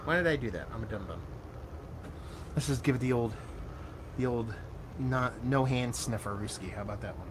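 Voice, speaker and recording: A man giving a casual, animated beer tasting review, excitable and self-mocking, with loose cursing. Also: mid-range voice, normal speed, long pauses, background noise.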